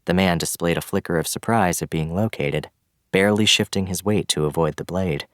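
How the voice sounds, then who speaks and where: A man giving scripted, measured audiobook narration of a fantasy novel. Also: low voice, no room sound, clean studio sound.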